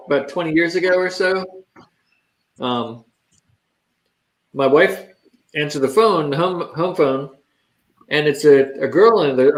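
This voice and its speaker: A man co-hosting a podcast, rambling through a casual anecdote with restarts, recorded with roomy echo and faint hiss. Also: a little high. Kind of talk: casual chat.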